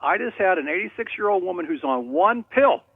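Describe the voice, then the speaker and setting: A man's voice: sits high, expressive, brisk, creaky, slightly rough, dry recording. A man calling in to a radio show, telling rambling, jokey stories over a phone line. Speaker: caller.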